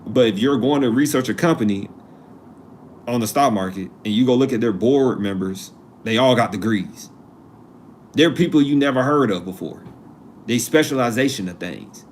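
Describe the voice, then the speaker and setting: A man's voice: fairly low pitch, darkish tone, slight background noise. Man hosting a casual live stream. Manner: conversational, digressive, repeats himself for emphasis.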